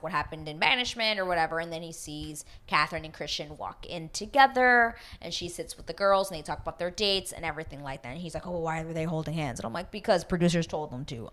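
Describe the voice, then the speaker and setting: A woman casually recapping a reality show, animated and swearing freely as she acts out quotes. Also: sits low.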